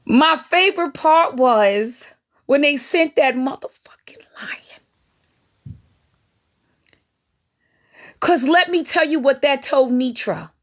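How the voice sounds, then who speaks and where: This live-stream host is a woman whose high voice takes its time, pausing often. Her commentary on other streamers is gleeful gossip, animated and drawling with Southern Black vernacular phrasing.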